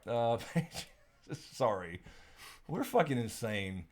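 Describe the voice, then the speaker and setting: A man's voice: mid-range voice, big pitch swings, takes it slowly. A young man hosting a live stream Q&A, chatting casually, rambling, laughing often and swearing.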